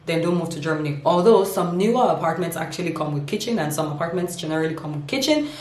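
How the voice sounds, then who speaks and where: A playful woman vlogger with a somewhat low voice talks straight to her camera, laughing often and stretching words out for comic effect. The sound bounces around an echoey room at home. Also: lively intonation, quick pace, darkish tone. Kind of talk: humorous casual vlog.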